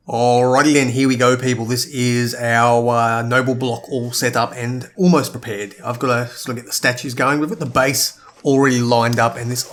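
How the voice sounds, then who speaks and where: A man's voice: mid-range voice, a bit bright. A man giving casual gameplay commentary, thinking aloud and sometimes tripping over his words. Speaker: let's play gamer.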